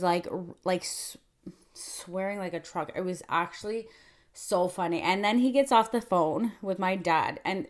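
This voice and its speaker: A young woman telling a story in casual vlog chat, full of fillers and acted-out quotes. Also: medium pitch. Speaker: mukbang vlogger.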